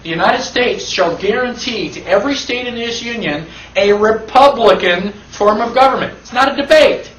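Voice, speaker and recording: An emphatic man with a fairly high voice teaches a classroom lecture and keeps throwing rhetorical questions at his listeners. The sound is roomy and echoey. The mic sits at some distance from him. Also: moderate pace, hardly any pauses, fairly bright tone. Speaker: constitution class instructor. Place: classroom with an audience.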